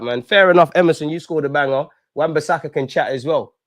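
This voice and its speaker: A young man hosting a live football watch-along, animated and talking straight to the players and referee. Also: on the high side, fast, hardly any pauses, no echo.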